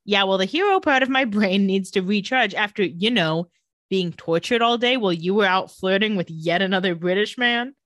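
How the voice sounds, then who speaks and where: A woman reading out a weary, gently teasing young vampire man in a soft, low voice for a podcast recap. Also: expressive, moderate pace, no echo, clean studio sound, lightly acted. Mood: calm, teasing.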